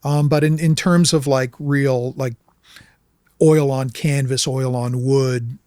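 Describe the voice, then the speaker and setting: Slow and clear with a resonant, medium-pitched voice, a man who makes documentaries shares a story as an interview guest. He livens it up by performing the characters' voices, and the studio-quality recording is dry.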